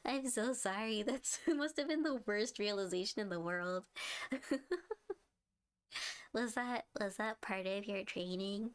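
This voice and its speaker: A woman's voice: mid-range voice, measured pace, smooth. A young woman streaming a game live, chatting and giggling as she reads her chat aloud and reacts to the story.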